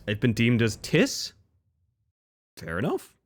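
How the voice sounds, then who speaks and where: Animated laughing male game streamer. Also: medium pitch, slow. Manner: animated, laughing often, swearing, chatting to viewers. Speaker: livestreamer. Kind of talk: casual live gaming commentary.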